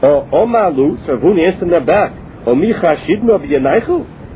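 A man's voice: a little high, expressive, normal speed. A man teaching a Talmud class. He reads each phrase of the text and then explains it in plain English. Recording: tinny phone line with faint noise.

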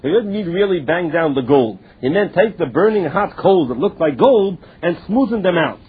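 A man with a fairly high, very husky voice walks through an old text phrase by phrase. He halts and repeats words as he explains, and the recording is thin and phone-like. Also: expressive, normal speed. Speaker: Talmud teacher. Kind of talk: explaining a text with read-aloud and paraphrase.

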